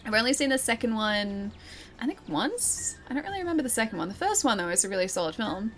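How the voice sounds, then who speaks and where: A woman's voice: a little high, sing-song, fast, slight background noise. Giggly young woman streaming a game. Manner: giggly, teasing, chatty with her chat. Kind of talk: live-streamed gameplay chat.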